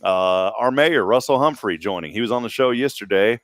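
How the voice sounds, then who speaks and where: A man's voice: on the low side, a little fast, no room sound, clean studio sound. A man hosting a morning talk show, chatting casually and telling rambling, joking stories in a Texan accent. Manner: rambling, joking, animated storyteller. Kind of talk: casual chat.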